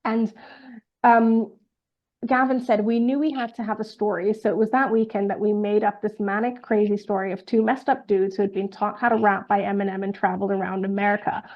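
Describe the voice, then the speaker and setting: Woman podcast co-host, casual storyteller, mid pitch, dull lo-fi sound. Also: steady tone, brisk. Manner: conversational storytelling with many fillers. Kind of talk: casual true crime podcast chat.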